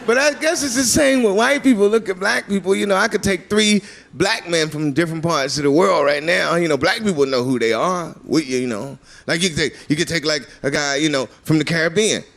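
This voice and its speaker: A man doing a stand-up routine in a comedy club, rambling loosely and breaking into shouted high-pitched bits. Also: brisk, creaky, hardly any pauses. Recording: live club recording with audience laughter and noise.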